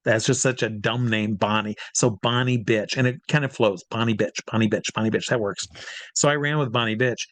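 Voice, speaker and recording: A man's voice: fairly low pitch, steady tone, a little fast, a bit bright, no room sound. A man in casual interview talk, rambling with lots of fillers and restarts, and acting out the voices of people he quotes. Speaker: guest performer.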